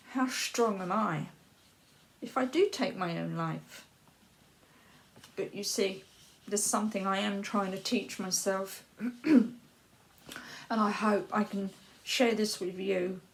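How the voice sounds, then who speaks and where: A woman talks through a personal monologue at a very slow, unhurried pace. Her voice sits at an ordinary pitch and stays soft and halting. At times it sinks to a breathy, unvoiced whisper, and she often repeats words and phrases. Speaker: vlogger sharing personal experience.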